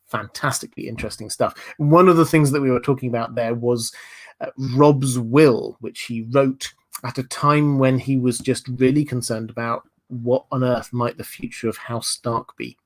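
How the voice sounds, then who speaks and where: A man's voice: medium pitch, fairly even intonation, normal speed. A man hosting a live-streamed lore discussion, explaining theories in a thoughtful, analytical way and answering viewer chat. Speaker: livestream host.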